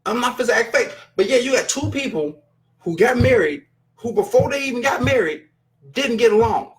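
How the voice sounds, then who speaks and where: A man with an extremely high-pitched voice hosts his own show, reading chat and talking casually in a fairly quick, lively live-stream commentary. He rants bluntly and profanely, clearly exasperated.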